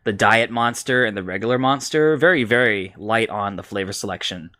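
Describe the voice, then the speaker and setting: A man's voice: on the low side, brisk, sharp tone. A man co-hosting a podcast, chatting casually with wry teasing remarks and moving the talk along to the next topic. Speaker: podcast co-host. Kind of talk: casual chat.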